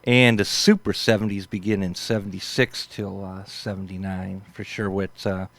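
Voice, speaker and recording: A man's voice: low voice, flat delivery, moderate pace, no echo. A man in his fifties hosting a show, telling rambling casual stories in a laid-back way, peppered with "man" and "for sure". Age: 50s. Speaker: host.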